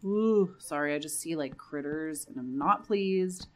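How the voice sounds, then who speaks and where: Low-voiced woman chatting over gameplay. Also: moderate pace, slight background noise. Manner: chatty, nervous self-talk, repeats reassurances under her breath. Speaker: Minecraft let's play creator. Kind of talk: casual gameplay commentary.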